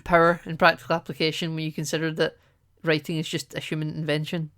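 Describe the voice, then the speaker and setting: A man's voice: fairly high pitch, monotone, fast, a bit bright. A man co-hosting a casual movie-review podcast, chatty and laughing often, acting out characters' lines as he talks. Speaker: podcast co-host.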